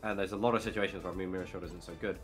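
A man playing a card game and commentating on it, explaining plays in a quick, matter-of-fact way. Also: low voice, fairly even intonation. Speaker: player commentating his own card game match. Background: faint background music.

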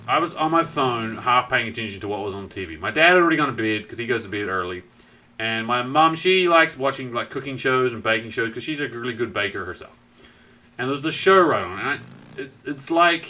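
A young man speaking in a heavy southern New Zealand accent, from the South Island, chats casually during a live gaming stream. His bright, animated voice sits at an ordinary middle pitch as he strays from his story to greet viewers and swears freely.

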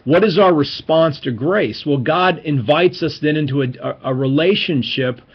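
A man's voice: a little high, normal speed, breathy edge, lo-fi sound. A man giving an informal, enthusiastic Bible teaching lecture, stressing key words as he explains.

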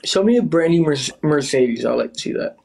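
A man's voice: a little high, expressive, a little fast, vocal fry, a little mellow. A man on a casual livestream who taunts his rival and calls out to his viewers. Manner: taunting, teasing, calling out to viewers. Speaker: livestreamer in a live battle.

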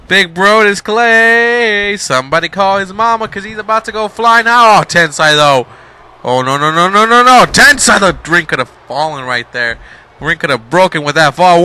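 Excitable high-voiced male play-by-play caller. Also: smooth, poor audio. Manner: excitable, hyped, swings between shouts and low asides; playful trash talk and slang. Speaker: wrestling game commentator. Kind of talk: play-by-play commentary.

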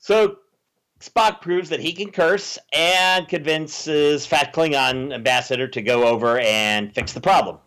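A man's voice: on the high side, unhurried, fairly bright tone. A man hosting a casual movie review chat, sarcastic, mocking characters with exaggerated voices. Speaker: podcast host.

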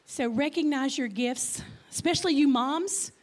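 Lively high-voiced Texan woman. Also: measured pace. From Texas. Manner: lively, chatty, jokes and audience questions, slight stutter. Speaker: guest speaker. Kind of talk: church talk to congregation. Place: church.

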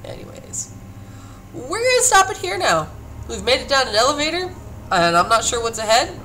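A man giving let's play commentary as a gaming YouTuber, talking to himself with jumpy, excitable exclamations. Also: very high voice, moderate pace. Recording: noisy home recording.

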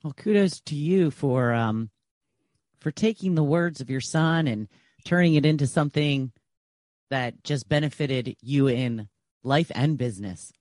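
A man hosting a podcast interview, asking short questions and giving warm encouragement. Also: mid-range voice, unhurried, no echo. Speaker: podcast host.

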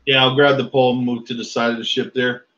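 A man's voice: mid-range voice, level tone, fast, a crowd in the background. A tabletop player who asks the game master questions with a little hesitation. His voice comes through muffled, lo-fi voice chat. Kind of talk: casual tabletop game talk. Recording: dull lo-fi voice chat audio.

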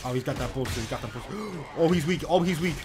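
A young man giving casual, profanity-heavy commentary while playing a video game, swinging from low muttering to sudden loud outbursts. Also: lively intonation, fast talker, background noise. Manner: swings from mumbling to yelling, heavy swearing. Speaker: gamer. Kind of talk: live gameplay commentary.

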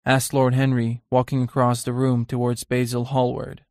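Dry, measured male audiobook narrator. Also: mid-range voice, completely flat delivery, darkish tone, no echo. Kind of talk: scripted narration.

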